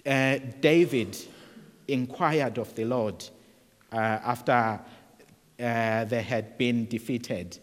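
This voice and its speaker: Slow-speaking male preacher in a hall. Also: mid-range voice. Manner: earnest, repeats words and restarts. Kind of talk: sermon.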